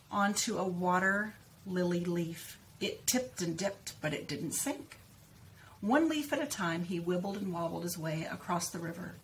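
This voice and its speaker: A woman teaching speech sounds, reading a picture book aloud and slowly repeating practice words with careful articulation. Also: fairly low pitch, slight background noise. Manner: slow, clearly stressed repetition of target words.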